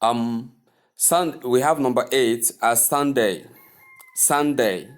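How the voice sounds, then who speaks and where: A man teaching English pronunciation, speaking deliberately and repeating each word several times for the listener to practice. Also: medium pitch. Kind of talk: pronunciation lesson.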